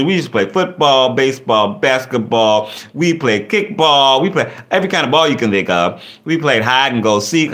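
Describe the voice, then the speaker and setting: A man hosting a casual livestream, reading out chat comments and joking back with viewers. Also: mid-range voice. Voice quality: lively, animated delivery. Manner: reads chat comments aloud and riffs on them; playful, laughing, teasing.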